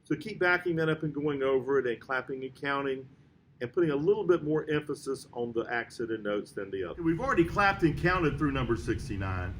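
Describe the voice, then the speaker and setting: A male band teacher walks a beginner through a trumpet method book, counting in and calling note names in a steady, patient rhythm. His voice sits in an ordinary middle pitch. A faint noise floor runs under the recording. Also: brisk, poor audio. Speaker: music teacher.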